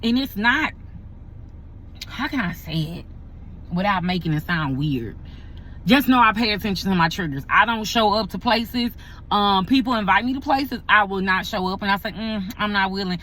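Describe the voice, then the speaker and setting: A woman's voice: mid-range voice, moderate pace, sharp tone, a little hiss or hum. A woman, a pastor and vlogger, talking casually and emphatically to her viewers, repeating herself for effect. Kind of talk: casual talk to camera.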